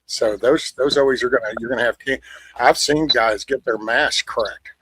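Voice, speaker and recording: A man with a drawl talks loosely, rambling through his points and swearing freely. His voice is husky and breathy, heard dry and close. He comes across blunt and unfiltered. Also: medium pitch, normal speed, a bit bright, no echo, poor audio. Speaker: show host. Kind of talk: casual chat.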